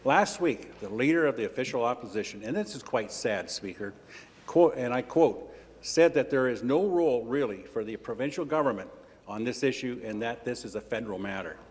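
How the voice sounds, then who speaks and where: A man's voice: mid-range voice, lively intonation, brisk. Man asking a formal question in a chamber. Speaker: member of the legislature. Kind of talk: parliamentary question. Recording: reverberant legislative chamber.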